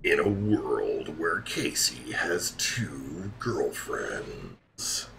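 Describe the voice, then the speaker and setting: A man putting on a dramatic movie-trailer narrator, speaking in a slow, hushed, breathy delivery. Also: rumbling low, full character voice.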